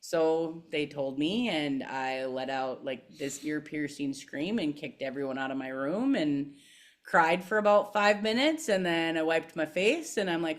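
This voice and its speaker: A woman's voice: low voice, a little slow. A young woman, telling her story as a podcast guest in a chatty way, with many fillers and frequent laughs. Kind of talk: casual interview storytelling.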